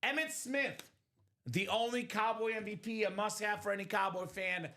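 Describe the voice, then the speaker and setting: A man hosting a live sports memorabilia break stream, hyping items with energetic, joking sales patter in a streaming studio. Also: high-pitched, normal speed. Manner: energetic hype, jokey, fillers. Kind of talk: upbeat sales patter and banter.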